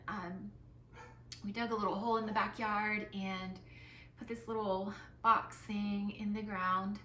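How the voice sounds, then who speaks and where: A young woman vlogger telling a personal story in a soft, tearful voice, with lots of filler words. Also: mid-range voice, level tone, a little slow, a little hiss or hum. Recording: roomy, slightly distant mic with soft music.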